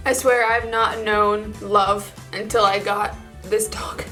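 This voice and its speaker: A woman's voice: mid-range voice, level tone, slow pace, sharp tone, faint music behind. A young woman chatting casually in a get-ready-with-me makeup video, gushing and full of filler words. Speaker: beauty vlogger.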